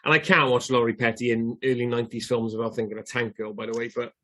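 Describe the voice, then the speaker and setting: A man's voice: mid-range voice, level tone, fast talker, sharp tone. A man co-hosting a podcast, chatting about films in a dry, matter-of-fact, easygoing way. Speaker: podcast co-host, father. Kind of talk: casual film chat.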